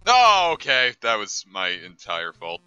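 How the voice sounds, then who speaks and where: A male streamer gives loose, joking gameplay commentary in a lowish voice with a sharp, tense edge. He rambles and trails off with lots of "uh" and "like", with faint game music underneath. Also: wildly swooping pitch, measured pace, clear, resonant tone, no echo, muffled recording. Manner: joking, rambling asides with many fillers.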